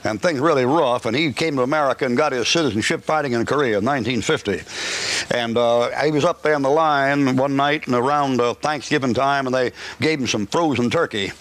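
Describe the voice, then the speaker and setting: A man's voice: mid-range voice, fairly quick, fairly bright tone. A man preaching a live sermon at a church service, folksy and joking, rambling with restarts. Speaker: pastor.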